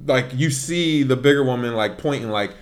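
A man, co-hosting a podcast in casual chat and telling a story with lively, laughing delivery. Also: moderate pace. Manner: animated storyteller, laughs often, voice jumps high. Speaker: podcast co-host.

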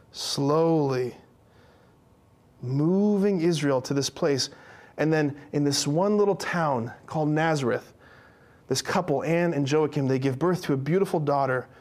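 A young man giving an animated religious teaching talk to a live group, acting out quotes and joking with listeners. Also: a little high. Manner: animated, acts out quotes, jokes with audience. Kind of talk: lively Catholic teaching talk.

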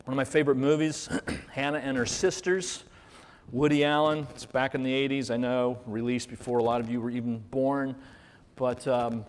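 A man's voice: medium pitch, little pitch movement, normal speed. A man preaching a Sunday morning sermon, earnest and reflective, posing rhetorical questions to his congregation. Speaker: pastor. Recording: reverberant hall, faint noise.

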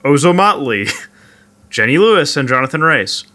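A man's voice: a little high, very animated, moderate pace, pushed and bright. A man co-hosting a casual podcast, talking in a dry, matter-of-fact way. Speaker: podcast co-host. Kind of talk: casual chat.

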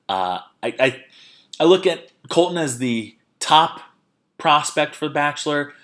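A man's voice: on the high side, lively intonation, measured pace, a bit bright. A man hosting a podcast, chatting casually and animatedly retelling scenes with quoted voices. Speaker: podcast host. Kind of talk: casual chat recapping a reality show.

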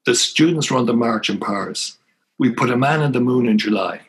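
A man's voice: medium pitch, normal speed, slightly rough, low-quality recording. An older man with an Irish accent, a priest telling his life story as an interview guest, earnest and emphatic. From Ireland.

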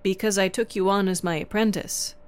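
An actress as an earnest doctor mentor. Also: female voice, medium pitch, steady tone, a little fast, clear, resonant tone, close to an everyday voice.

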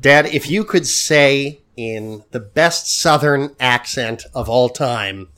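A man's voice: medium pitch, slow pace, sharp tone. A man hosting a podcast with his father, chatting casually and joking in a mock-hurt, self-deprecating way. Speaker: podcast host.

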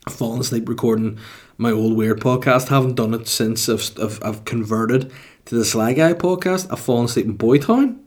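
A man's voice: mid-range voice, normal speed. A man hosting a solo podcast in a casual, rambling, self-mocking way with plenty of swearing. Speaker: podcast host.

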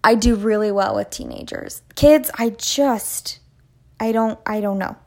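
A woman's voice: mid-range voice, a little slow, gravelly. Young woman telling a rambling story. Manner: animated, self-mocking and rambling. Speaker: podcast host. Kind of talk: storytelling monologue.

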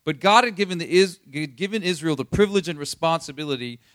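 A man's voice: fairly high pitch, animated, fast, a bit bright, no echo, studio quality. A man preaching a sermon in a loose, conversational way, often checking in with the listeners. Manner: conversational, keeps asking "you see what I'm saying?". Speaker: pastor.

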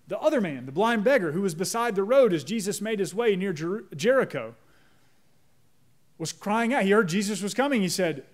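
A man preaching a sermon as pastor, slowing down to lead a prayer. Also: high voice, animated. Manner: measured, slows down on prayer phrases; leads the congregation in repeating a prayer.

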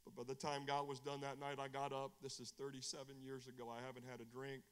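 A middle-aged man, an evangelist, preaching a testimony sermon, animated, swinging from hushed storytelling to shouting. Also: medium pitch, fast, smooth, in a large hall. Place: church.

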